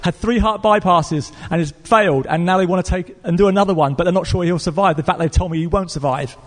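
Crying woman on the phone, done by a male preacher, pleading, strained, high pitch, reverberant hall. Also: expressive, fast talker. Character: sobbing desperate adult woman on phone.

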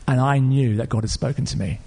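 An Englishman preaching a sermon, telling a story in an earnest, animated way with fillers and restarts. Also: medium pitch, brisk, creaky. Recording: long reverb of a church hall.

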